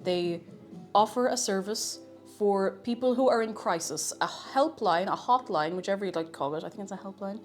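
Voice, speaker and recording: A woman's voice: mid-range voice, moderate pace, soft background music. A woman chatting to her viewers in a casual, self-mocking way while she bakes in her kitchen. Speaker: streamer. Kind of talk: live-stream baking chat. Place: home kitchen.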